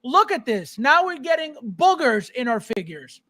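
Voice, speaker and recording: A man hosting a casual podcast, ranting in a mocking, animated way. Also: very high voice, moderate pace. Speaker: podcast host.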